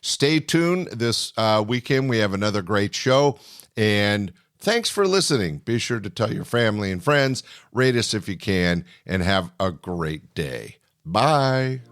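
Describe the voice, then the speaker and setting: Brief: lowish male host, dry close mic, friendly podcast outro. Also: very animated, measured pace, fairly bright tone, dry recording. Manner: friendly sign-off, thanking listeners.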